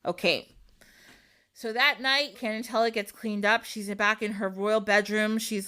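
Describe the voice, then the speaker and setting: A young woman hosting a podcast, retelling a fairy tale in an animated, casual way, swearing freely and acting out the quotes. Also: medium pitch, a little slow, clean tone. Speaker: podcast host. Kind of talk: casual storytelling.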